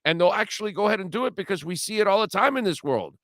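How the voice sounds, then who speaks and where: Racing along in a high-pitched voice, a sports radio host chats animatedly on his talk show, laughing, rambling and often starting sentences over. The sound is studio quality with no echo.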